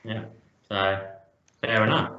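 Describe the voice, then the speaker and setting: A man's voice: lowish voice, takes it slowly, pushed and bright. A man co-hosting a podcast, chatting casually and jokily about music and laughing easily. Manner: jokey, enthusiastic, laughs easily. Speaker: podcast co-host. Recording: echoey, dull lo-fi room.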